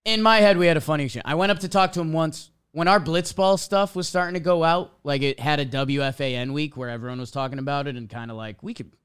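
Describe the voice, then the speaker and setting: A man's voice: fairly high pitch, quick pace, hardly any pauses, clean tone. A young man telling a casual story as a podcast host, acting out little quotes as he goes. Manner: animated storytelling, acts out quotes.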